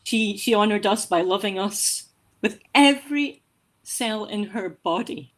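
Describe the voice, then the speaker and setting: A woman from Scotland, a course graduate, speaking heartfelt and halting, repeating words as she talks over a video call. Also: mid-range voice. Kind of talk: emotional interview.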